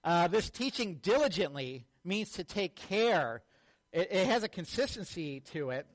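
A man's voice: high-pitched, a little slow. A man preaching a sermon as a pastor, telling stories and acting out the people in them. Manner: animated storytelling, acts out quotes.

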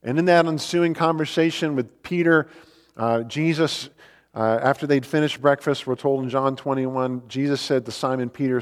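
A man's voice: medium pitch, steady tone, normal speed. A man preaching a sermon in an earnest, emphatic way, asking rhetorical questions and quoting scripture. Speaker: pastor. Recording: long hall reverb.

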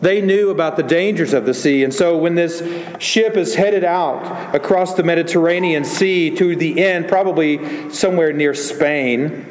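A man's voice: on the high side, measured pace, few pauses, long reverb tail, slight background noise. A pastor preaching a sermon, earnest and building in emphasis as he retells a story.

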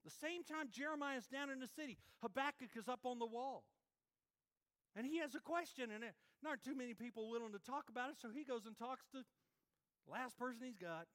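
A male pastor delivers a sermon in a high, bright voice. He is animated and playful and swings quickly between loud emphasis and hushed asides. His delivery is lively and conversational.

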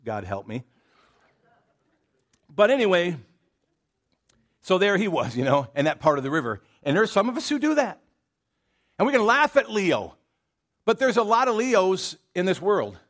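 A male pastor with a drawl preaches to his congregation in a casual, storytelling manner, trailing off into asides and restarting his sentences. His voice sits a little high for a man. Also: sing-song, moderate pace, long pauses, fairly bright tone. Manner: folksy and conversational, with many restarts and asides. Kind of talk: sermon. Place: church sanctuary.

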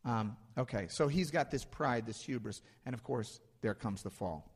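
A man's voice: mid-range voice, expressive, moderate pace, breathy edge. A male pastor giving a sermon in a conversational way, building emphasis through repeated phrases. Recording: long hall reverb.

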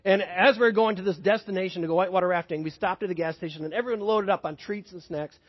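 A man with a high, slightly husky voice preaches a sermon, talking casually and checking in with the congregation. His voice rings with a long reverb from a large hall, and the recording sounds muffled and dull. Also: fast talker. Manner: conversational, asks the congregation questions. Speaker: pastor. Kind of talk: sermon with personal story.

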